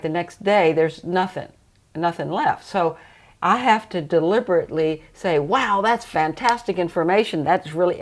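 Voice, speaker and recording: An older woman, a trance channeler, talking reflectively in a relaxed interview and laughing often. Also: on the low side.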